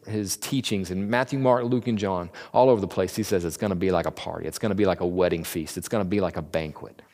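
In a church hall full of long, large-room reverb, a man with a mid-range, somewhat dark voice gives an informal Bible lesson. He keeps it conversational and voices the quotes in slangy impressions.

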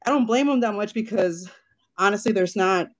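With a mid-range voice at normal speed, a woman in her thirties takes part in a video-call interview as a guest. She owns a jewelry business and speaks casually and emotionally, often repeating what she herself said.

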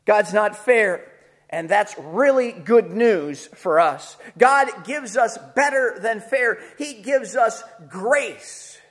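A man preaching a sermon as pastor, telling stories with lively acted-out quotes and frequent repeated words at the start of sentences. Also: slow. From Chicago area. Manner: animated storytelling, acts out quotes with big pitch jumps.

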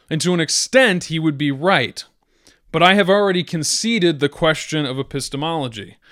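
A male podcast host reading from an article and arguing against it in a measured, deliberate way, now and then restarting a phrase. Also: on the high side, a bit bright, dry recording, clean studio sound. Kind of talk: reading and discussing an essay.

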